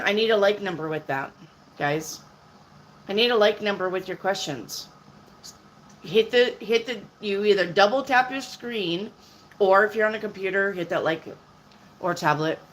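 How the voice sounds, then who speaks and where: A woman's voice: mid-range voice, a bit bright, slight background noise, poor audio. A woman in her fifties, a tarot reader on a live stream, answering viewers' questions in a blunt, chatty way. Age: 50s.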